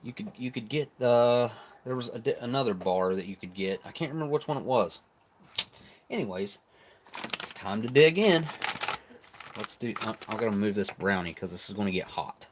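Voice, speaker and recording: A man's voice: lowish voice, normal speed, pauses often, background noise. A man reviewing old military rations on a live stream, chatting casually and eating as he talks. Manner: relaxed, chatty, talks while chewing. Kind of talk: live stream food tasting.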